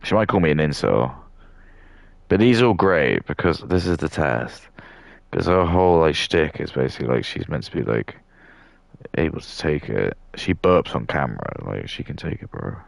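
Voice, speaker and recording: A man's voice: extremely low pitch, very animated, normal speed, creaky, no echo. A man in his thirties rambling and ranting in a casual stream while building models, swearing freely. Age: 30s.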